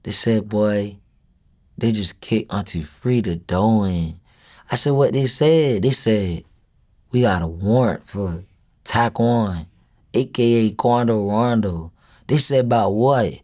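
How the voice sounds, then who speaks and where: A man's voice: on the low side, slow. A young man being interviewed as a rapper, casually retelling a story and acting out what each person said. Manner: animated retelling, acts out quoted dialogue.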